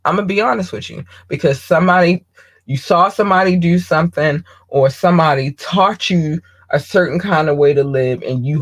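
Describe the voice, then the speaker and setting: Her voice sits low as this podcast host talks candidly and bluntly in a casual monologue. She curses freely and fills pauses with frequent ums.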